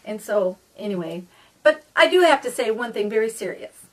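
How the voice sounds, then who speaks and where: A woman's voice: fairly high pitch, animated, normal speed. Chatty middle-aged woman, slightly distant mic. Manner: chatty and earnest, addresses viewers as folks. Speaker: vlogger. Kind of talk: personal storytelling monologue.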